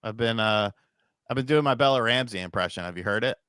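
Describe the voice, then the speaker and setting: This podcast host talks fast in a medium-pitched, fairly bright, smooth voice, captured dry with studio quality. Worn out from too little sleep, he rambles through his livestream, cursing offhandedly, reading out donations, and cracking himself up.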